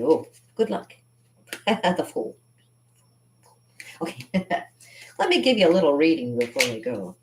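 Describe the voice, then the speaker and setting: A woman's voice: low voice, darkish tone, a little hiss or hum. A woman vlogging casually while doing her makeup, rambling and laughing often in a playful way. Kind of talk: casual makeup vlog chat.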